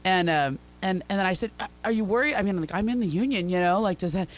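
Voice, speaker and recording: A man co-hosting a sports radio show, talking in a chatty storytelling way. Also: high-pitched. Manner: talkative, storytelling, quick laughs. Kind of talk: casual sports radio chat.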